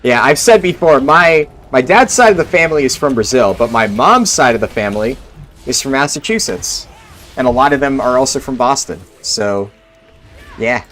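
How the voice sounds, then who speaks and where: A young man from New Jersey chats easily with his viewers while he plays a game. He rambles along with plenty of fillers, in a relaxed and unhurried way. His voice sits at a medium pitch. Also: faint music behind. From Central New Jersey. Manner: rambling and laid-back, many "like" fillers. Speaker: game streamer. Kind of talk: casual chat answering live chat.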